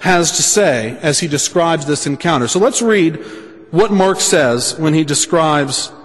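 A man preaching a sermon, speaking deliberately and restating his points for emphasis. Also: on the high side, animated, long reverb tail.

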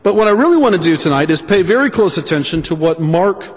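A man preaching a sermon, speaking deliberately and restating his points for emphasis. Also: high-pitched, lively intonation, big-room sound.

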